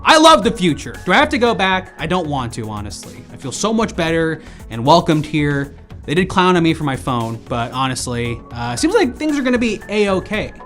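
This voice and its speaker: Animated man hosting improv comedy. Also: mid-range voice. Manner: animated, goofy reporter bits. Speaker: comedy show host. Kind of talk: improv comedy, playing a time-traveling reporter.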